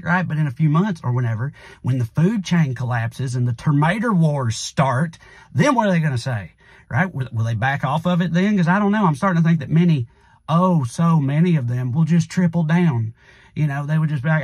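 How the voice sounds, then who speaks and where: A man's voice: on the high side, expressive, a little fast, darkish tone, no room sound. A man with a Southern US accent delivering a sarcastic satirical comedy monologue as a channel host, drawling with punchy asides.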